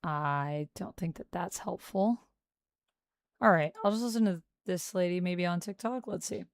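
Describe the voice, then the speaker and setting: A woman's voice: fairly low pitch, unhurried, vocal fry, no echo, studio quality. A woman streaming a game, chatting casually and reading out viewer comments while practising an accent. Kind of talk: casual live-stream chat.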